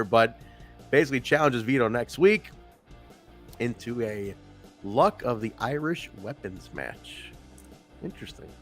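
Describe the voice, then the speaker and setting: A man co-hosts a casual wrestling review podcast, rambling, swearing, and laughing often. His voice is medium-pitched with a fairly bright tone.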